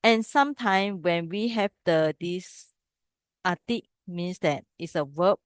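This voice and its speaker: A Pali teacher, a woman with a fairly low voice, takes her time as she guides a class through reading old scripture. She explains each step and keeps checking that the students understand. The recording is dry and of studio quality.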